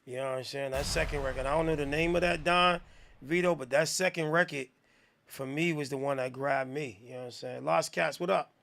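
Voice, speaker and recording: A man hosting a live music review stream, talking in a slangy, profane, rambling way and giving shout-outs to viewers. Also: on the high side, fairly even intonation, brisk, gravelly. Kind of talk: casual live-stream commentary.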